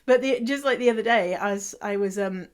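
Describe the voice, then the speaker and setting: A chatty middle-aged woman from England talks casually on her solo podcast. Her English accent is softened by Canadian sounds, and she laughs often and spells words out letter by letter. Her pitch sits in an ordinary middle range. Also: brisk, smooth. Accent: English, mixed with Canadian. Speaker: podcast host.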